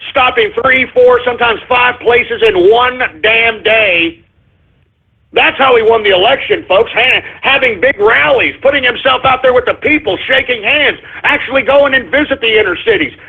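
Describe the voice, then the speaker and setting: A man doing a talk radio host's angry, profane rant, in a high-pitched, husky voice. The sound is thin and phone-like, as if heard over a cheap line.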